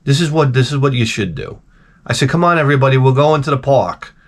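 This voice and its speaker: A vlogger tells comic stories to the camera in an exasperated, profane rant that keeps restarting. He talks fast, at a medium pitch.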